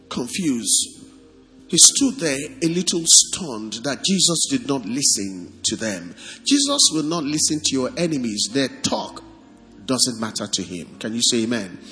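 A man preaching a sermon as pastor, animated and asking the congregation questions. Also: high voice, long reverb tail.

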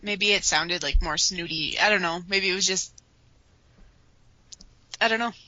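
A woman with a bright, sharp voice co-hosting a casual fan podcast. She is easygoing and gets animated when she tells a story. The recording is dry and a little dull. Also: fairly low pitch, a little slow, dry recording. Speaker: podcast co-host.

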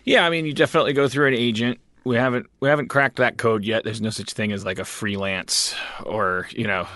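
A man's voice: medium pitch, steady tone, a little fast, sharp tone, no echo, studio quality. A man co-hosting a podcast in casual chat, rambling and repeating words as he thinks. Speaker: podcast co-host.

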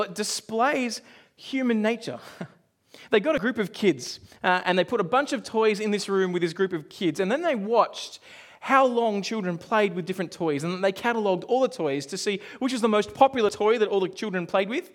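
Male pastor, high voice, chatty sermon delivery with asides and hushed drops. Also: lively intonation. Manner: conversational storytelling with asides and quick dips to a hush.

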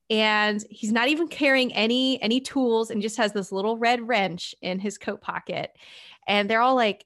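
A woman podcast host telling a story in a conversational way, acting out the characters' lines as she goes. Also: a little high. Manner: animated storyteller, acts out quoted characters.

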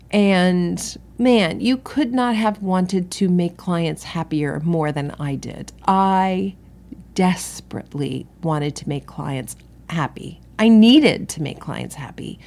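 Low-voiced woman telling her story. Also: lively intonation, slow, creaky, darkish tone. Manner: candid storytelling with frequent digressions. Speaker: interior designer and business owner. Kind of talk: solo podcast monologue.

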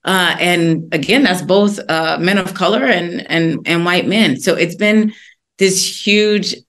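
A woman author as a guest in an interview, telling stories in an earnest, animated way. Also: fairly low pitch, slow. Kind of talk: interview conversation.

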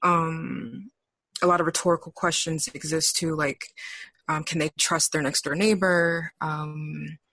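A woman therapist talks through her work in a low, steady voice. She explains carefully, pausing often between thoughts. The sound is dry and close. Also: no room sound. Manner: measured, explanatory, frequent pauses. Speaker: therapist, interview guest. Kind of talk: professional conversation.

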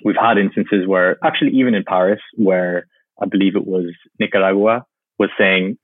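Husky low-voiced man on a phone-like line. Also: fairly even intonation, moderate pace, no room sound. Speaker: climate policy expert guest. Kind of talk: conversational interview answers. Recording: tinny phone-like line, dry.

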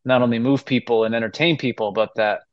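A man's voice: medium pitch, steady tone, fast talker, dry recording, dull audio. A man in his forties, a musical theater actor guesting on a podcast, talking earnestly and emotionally with many restarts. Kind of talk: casual interview chat.

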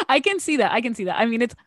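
A woman chatting casually, jumping up in pitch for quoted voices and trailing off softly. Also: dry recording, clean studio sound. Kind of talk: casual chat about TV shows.

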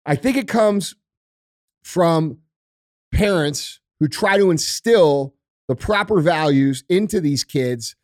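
Brief: middle-aged male podcast host, high voice, blunt swearing rants, dry close sound. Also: animated, takes it slowly, a little mellow, no echo. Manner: profane, blunt, emphatic ranting. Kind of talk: casual podcast chat.

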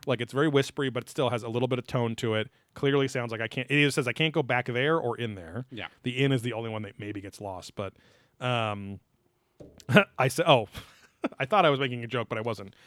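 A man's voice: medium pitch, fairly bright tone, no room sound. Casual young man on a podcast, dry sound. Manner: loose, joking, frequent fillers and laughs. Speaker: podcast co-host. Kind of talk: casual chat recapping a TV episode.

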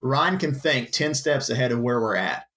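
A man, a firefighter, talking casually on a podcast in animated bursts with frequent restarts. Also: medium pitch, normal speed. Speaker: firefighter guest.

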